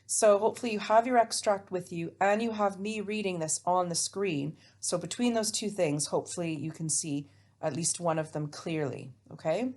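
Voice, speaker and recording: Woman teacher, recorded solo lesson, lowish voice, friendly and explanatory. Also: moderate pace, a little mellow. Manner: chatty, explains step by step, self-mocking. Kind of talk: remote English lesson. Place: alone, recording for students at home.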